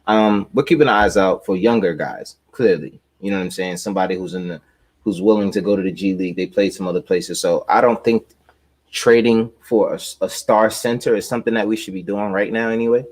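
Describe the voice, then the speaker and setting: A man's voice: lowish voice, fairly even intonation, fairly quick. A man hosting a casual sports podcast over a remote call, loose and easygoing with lots of fillers. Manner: laid-back, loose, with many fillers and laughs. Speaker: podcast host.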